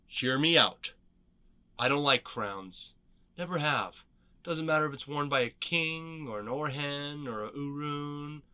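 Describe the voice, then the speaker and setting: A man voicing a gruff, wary veteran male rebel leader in a storybook reading, talking in blunt, clipped and wry lines. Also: a little high, unhurried, sharp tone, lo-fi sound, pitched above the performer's own voice.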